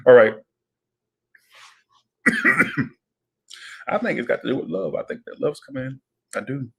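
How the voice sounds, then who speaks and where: A man's voice: mid-range voice, expressive, measured pace, gravelly, long pauses, darkish tone, breathy edge. A man giving a casual tarot reading, chatty and rambling, with frequent swearing and asides. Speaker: tarot reader.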